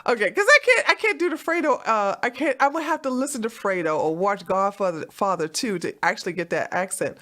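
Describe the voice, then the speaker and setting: Woman host, bright and lively, profane, laughing at the news, casual riffing. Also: medium pitch, fairly quick, few pauses. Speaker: commentary show host. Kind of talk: casual mocking commentary.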